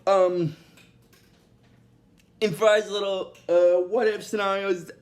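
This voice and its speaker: A man's voice: high voice, level tone, takes it slowly. A man recapping a cartoon episode in a casual, rambling way, with many restarts and fillers and bursts of giggling.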